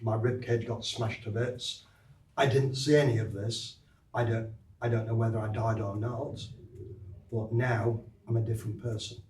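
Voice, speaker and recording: A man in the audience who shares his own story in a halting, reflective way. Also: on the low side, fairly even intonation, darkish tone. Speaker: audience member sharing a story. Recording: echoey, distant, faint background noise.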